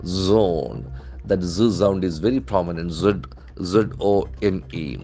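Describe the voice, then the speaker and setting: A man's voice: low-pitched, moderate pace, warm tone, faint music behind. A man teaching English vocabulary from the newspaper, spelling words letter by letter and explaining how each is pronounced. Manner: explains pronunciation and meanings methodically. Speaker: English language trainer.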